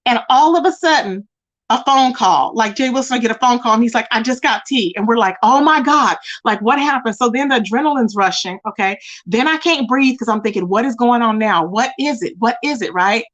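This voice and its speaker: Woman, streamer host, casual and chatty, reads viewer comments aloud, voice on the high side. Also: expressive, a little fast, a bit bright, lo-fi sound. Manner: chatty, greets viewers with terms like baby and child. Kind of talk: casual live-stream chat reading comments.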